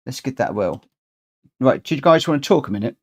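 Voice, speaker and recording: A man's voice: medium pitch, lively intonation, brisk, breathy edge. A man chatting casually on a live stream while he plays a racing game, rambling and thinking aloud as he sorts out his settings. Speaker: streamer hosting a racing lobby.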